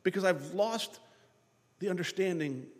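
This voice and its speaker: A man preaching a sermon, lively, acting out the voices of biblical figures to his congregation. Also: high voice, a little slow, in a large hall. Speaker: pastor.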